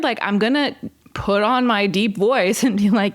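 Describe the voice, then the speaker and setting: A woman's voice: a little high, moderate pace. A woman co-hosting a podcast, chatting enthusiastically about a TV episode and acting out the characters' lines. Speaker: podcast co-host. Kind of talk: casual chat recapping a TV episode.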